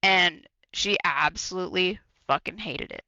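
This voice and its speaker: A man's voice: sits high, measured pace, bright, forceful tone, no echo, lo-fi sound. A man co-hosting a podcast, talking candidly and bluntly, swearing freely and repeating himself for emphasis. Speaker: podcast co-host. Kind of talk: candid casual chat.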